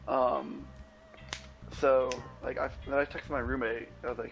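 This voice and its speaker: A man's voice: mid-range voice, fairly even intonation, a little slow, gravelly, muffled recording. A young man on a podcast, telling a rambling story and acting out both sides of his phone calls. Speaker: podcast co-host. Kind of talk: casual storytelling chat. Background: faint background music.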